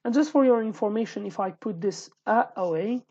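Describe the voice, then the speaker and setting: Patiently explaining, pausing often and repeating every word, a woman teaches a casual online language lesson. She has a warm, mid-range voice, and the home recording sounds dull and lo-fi.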